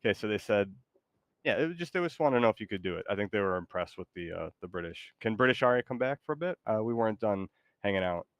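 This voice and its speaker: A man with a fairly low voice chats casually during a game stream. He talks hesitantly, trailing off and restarting his sentences with plenty of fillers. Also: expressive, fast, clean tone, no room sound, lo-fi sound. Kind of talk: casual gaming chat.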